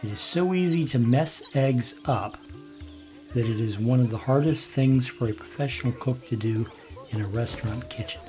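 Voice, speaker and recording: A man's voice: mid-range voice, normal speed, dark tone, faint music behind. Chuckling man telling a rambling story. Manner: rambling, chuckling, restarts, quotes others. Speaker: gameplay commentator. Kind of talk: casual storytelling while playing.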